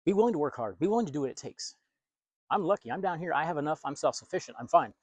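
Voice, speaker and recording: A man's voice: a little high, lively intonation, very fast, breathy edge, no room sound. A man who works as a pastor and video host, from the United States, preaching in a blunt, emphatic and confrontational monologue.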